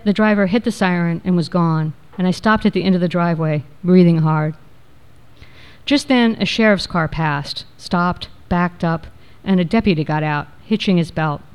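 A woman reading a first-person memoir aloud in a measured, reflective way. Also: on the low side, a little mellow, smooth. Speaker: narrator.

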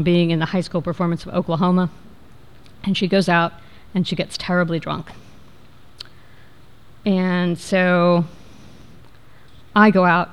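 A woman reading a first-person memoir aloud in a measured, reflective way. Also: lowish voice, clean tone. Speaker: narrator.

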